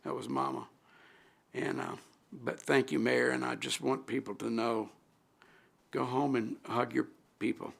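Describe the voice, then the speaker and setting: A middle-aged alderman with a gravelly, creaky voice speaks at a council meeting. He is halting and heartfelt, restarting sentences and trailing off. He talks into a desk microphone in a council chamber. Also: mid-range voice, flat delivery, a bit bright. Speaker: city alderman. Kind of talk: emotional tribute speech at a council meeting.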